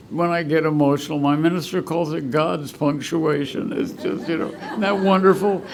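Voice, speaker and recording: Gravelly, heartfelt man telling his story. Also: a little high, normal speed, slight background noise. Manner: heartfelt, rambling storyteller who chokes up. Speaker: guest speaker at a recovery meeting. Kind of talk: personal recovery talk. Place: meeting room at a school.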